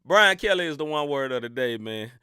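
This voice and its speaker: A man's voice: fairly high pitch, expressive, a little fast, bright, forceful tone, smooth, no room sound, clean studio sound. A man from the Mid-South with a Southern accent, co-hosting a casual sports podcast with slangy, laughing banter. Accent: Southern American. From Mid-South United States. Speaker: podcast co-host.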